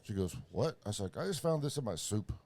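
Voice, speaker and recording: A man's voice: lowish voice, very animated, fast talker, mellow. A man co-hosting a podcast, telling a rambling, profane story in casual chat. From Springfield, Missouri area. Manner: rambling, profane, many fillers and restarts. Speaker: podcast co-host.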